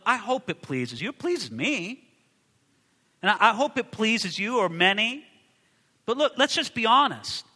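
A man preaching a sermon in a church, animated, moving from booming lines to hushed ones and acting out the people he quotes. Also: in a large hall. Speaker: pastor.

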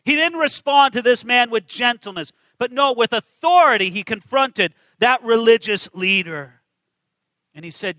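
A man's voice: extremely high pitch, lively intonation, normal speed, bright, forceful tone, dry recording, poor audio. A man preaching a sermon, emphatic and full of rhetorical questions to his listeners.

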